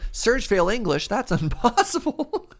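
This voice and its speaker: A man streaming and chatting casually, reading his chat aloud in a playful way and laughing often. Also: sits high.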